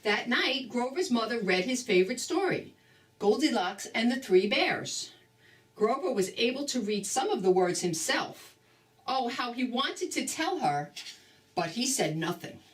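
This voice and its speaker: An older woman from New Jersey reading a children's book aloud in a slow, expressive grandmotherly way. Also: on the high side, far from the mic. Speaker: storybook reader.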